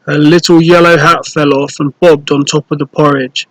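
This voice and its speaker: A man reading a children's storybook aloud, slow, clear and playful, with rhymes. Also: a little high, little pitch movement, dry recording, poor audio.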